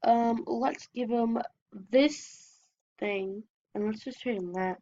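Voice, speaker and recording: A woman's voice: fairly high pitch, slow pace, warm tone. A young woman chatting casually while playing an online game and reading its messages aloud. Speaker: gameplay vlogger. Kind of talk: casual gameplay commentary. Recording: dull lo-fi sound.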